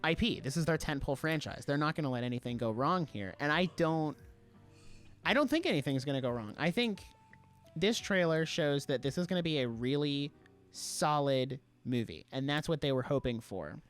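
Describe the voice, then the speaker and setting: A young man co-hosting a podcast, talking casually and defending his opinions with animated emphasis. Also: a little high, normal speed, soft background music. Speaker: podcast co-host.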